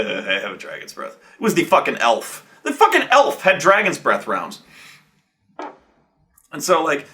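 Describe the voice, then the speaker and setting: A man's voice: medium pitch, bright, forceful tone. A man recounting a tabletop game session as game master, rambling and profane, with restarts and acted-out quotes from the players. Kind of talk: casual profane storytelling.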